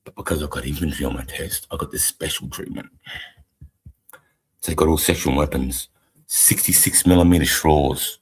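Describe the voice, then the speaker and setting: Australian man, forties, army veteran, very low voice, husky and rough, swearing, rambling war stories. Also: normal speed. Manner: blunt, swears constantly, rambling storyteller. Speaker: army veteran and stream co-host. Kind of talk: casual profane war storytelling.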